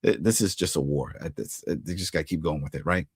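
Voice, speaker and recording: A man's voice: extremely low pitch, quick pace, breathy edge, no room sound. A man hosting a TV recap, talking casually and acting out the characters' lines as he goes. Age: adult who was once an altar boy. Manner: animated, acts out character lines in quotes. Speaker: TV recap host.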